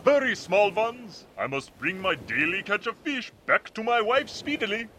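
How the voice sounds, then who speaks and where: A man voicing a huge, jovial, muscular fisherman giant in a comedy audio drama, speaking in a booming, formal, stilted way. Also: big pitch swings, moderate pace, background noise. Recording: music in the background.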